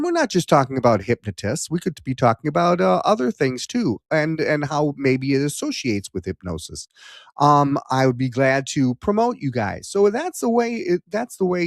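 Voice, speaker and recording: A man's voice: fairly high pitch, no room sound, clean studio sound. A man hosting a live-streamed talk show, joking with the audience in a playful, showy way with lots of fillers. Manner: jokey, showman energy, many fillers.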